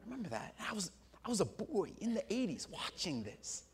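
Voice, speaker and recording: Man, 40s, pastor giving a sermon; lively storyteller, slightly high voice. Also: fairly quick, a little hiss or hum. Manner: storytelling, animated, swings from loud to soft.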